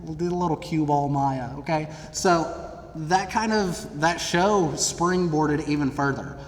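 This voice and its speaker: A young man from Middle Tennessee telling funny stories about his own past to college students, in a lively, theatrical, self-deprecating way. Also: fairly high pitch, a little slow. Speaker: speaker addressing college students. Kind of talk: humorous personal storytelling. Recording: long reverb of a large hall, faint background noise.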